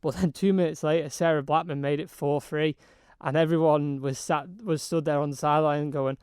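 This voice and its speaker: A man with a Manx accent, slightly hoarse, describing hockey matches in an excitable sports chat full of fillers and restarts. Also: fairly high pitch, a little fast, no echo, studio quality. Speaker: hockey reporter.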